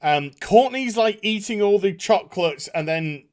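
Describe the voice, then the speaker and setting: A man's voice: high voice, unhurried. A man giving a casual spoken review of a TV episode, acting out the characters' lines as he recaps. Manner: animated, acts out characters' lines while recapping. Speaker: TV show reviewer.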